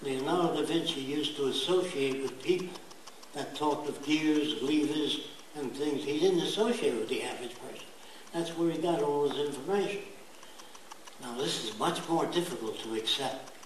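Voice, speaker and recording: A blunt older man lectures with emphasis, his voice sitting a little high. He sounds distant from the mic, in a very echoey room with a faint hiss behind him. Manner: blunt, emphatic, mimics accents in quick asides. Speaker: speaker giving a talk.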